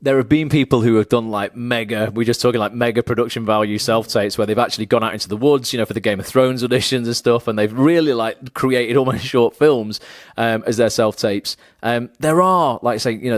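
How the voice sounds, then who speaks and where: A man's voice: mid-range voice, dry recording, clean studio sound. A young man hosting a casual behind-the-scenes chat, talking loosely with many fillers. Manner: chatty, lots of fillers. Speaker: host.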